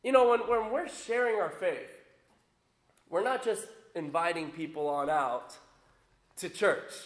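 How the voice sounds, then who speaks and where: A man with a very high, light voice preaches an animated sermon, pressing his points with emphasis as a pastor. The recording has a roomy echo around him. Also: a little slow. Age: adult with young children. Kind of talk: sermon with personal storytelling.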